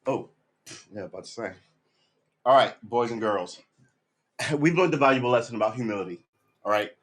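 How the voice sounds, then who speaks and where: A man's voice: medium pitch, normal speed. A man chatting casually on a live stream while he practices guitar at home, rambling and mocking himself. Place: room at home.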